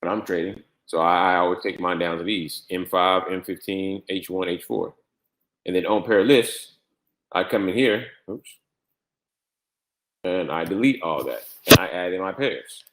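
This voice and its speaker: A man with a fairly low voice walks through a software setup. He repeats key steps and spells out letters one by one. His voice echoes around the room. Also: moderate pace. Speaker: trading software instructor. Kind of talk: screen-share tutorial walkthrough.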